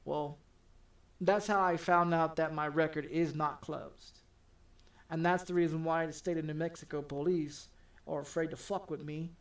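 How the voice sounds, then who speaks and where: A man's voice: a little high, fairly even intonation, moderate pace, recorded from a distance. A male game streamer casually telling a story, swearing a lot and stammering over repeated words. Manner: profane, heated, stammering repetitions.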